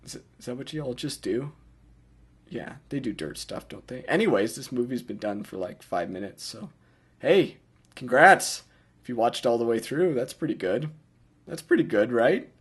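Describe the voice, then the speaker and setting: A man's voice: medium pitch, animated, normal speed, darkish tone, breathy edge. A young man giving a casual, self-mocking director's commentary, rambling with lots of filler words.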